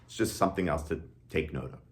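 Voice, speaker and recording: A man's voice: a bass voice, fast talker. A middle-aged man, an orchestra violinist, explaining section playing in a friendly, casual way, often checking in with "okay?". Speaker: orchestra violinist giving tips. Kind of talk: casual instructional talk to camera.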